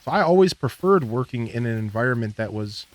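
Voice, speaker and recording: A man's voice: mid-range voice, animated, brisk, no echo. Rambling casual gaming streamer, man. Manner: rambling storyteller, lots of fillers and laughs. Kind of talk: casual gameplay commentary.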